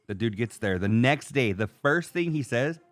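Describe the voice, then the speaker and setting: A male podcast host swears and laughs his way through a story, sounding exasperated. His voice sits at a mid pitch. The recording is dry and close, made in a hotel room. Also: lively intonation, moderate pace, dry recording. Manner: profane, exasperated, laughing retelling. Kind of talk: casual storytelling.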